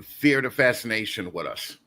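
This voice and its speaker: A man's voice: lowish voice, animated, normal speed, pushed and bright. A man guest hosting a casual podcast, telling a rambling story full of restarts and laughter. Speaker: guest host.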